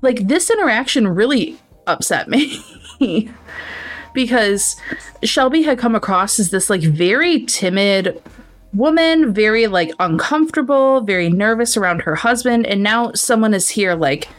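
A woman co-hosting a book podcast, recapping a thriller in a casual, animated way and acting out the characters' lines. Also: mid-range voice, unhurried, faint music behind. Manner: animated retelling with acted-out quotes. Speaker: podcast co-host.

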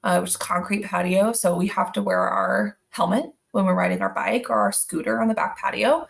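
Woman, 30s, podcast co-host, casual chat, storytelling with quoted asides, gravelly voice. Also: mid-range voice, fairly even intonation, brisk.

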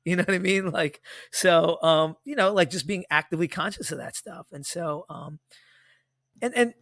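A man's voice: on the high side, normal speed, no echo. Chatty man, dry close-mic sound. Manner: rambling, animated storytelling with many fillers. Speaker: podcast co-host. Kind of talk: casual podcast chat.

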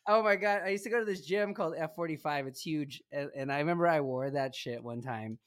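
Man, podcast co-host, casual chat, laughs a lot, loose and profane, slightly high voice, dry close sound. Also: fairly quick, no echo.

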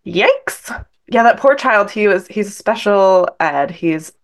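A woman co-hosting a podcast in casual chat, sick and congested, animated and opinionated. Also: mid-range voice, slow. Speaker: podcast co-host.

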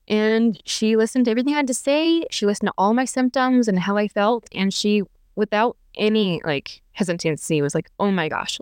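A young woman speaks candidly about her own life, rambling and chatty with many fillers. Her voice comes through smooth and clean, recorded close and dry with no room sound. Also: medium pitch, a little mellow, no room sound. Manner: chatty, many fillers and restarts, laughs between thoughts. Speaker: podcast guest. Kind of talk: candid personal storytelling.

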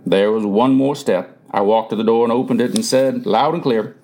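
A man's voice: mid-range voice, normal speed, a little mellow, a little hiss or hum. A man reading a first-person memoir aloud as the narrator, earnest in tone and lifting his voice for quoted speech.

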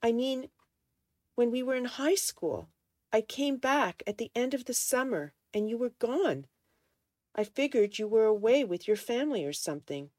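A woman's voice: fairly low pitch, expressive, unhurried, warm tone, no echo, clean studio sound. A woman reading a hurt, resentful man. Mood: pleading.

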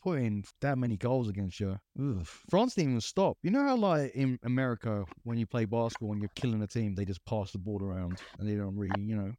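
A man's voice: fairly low pitch, expressive, fairly quick, dark tone, slight background noise. A man co-hosting a casual soccer podcast, teasing and joking with the others. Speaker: podcast co-host. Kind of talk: casual sports chat.

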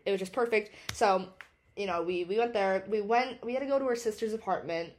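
A woman's voice: medium pitch, a little fast. A young adult woman hosting a podcast in casual chat, talking freely with lots of swearing and filler words. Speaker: podcast host.

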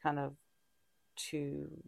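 A woman co-hosting a casual podcast talks openly and reflectively in a low, very gravelly voice that is dark, mellow, and monotone. She's halting, using frequent fillers and often stopping to restart sentences. The sound is dry and close, with no echo.

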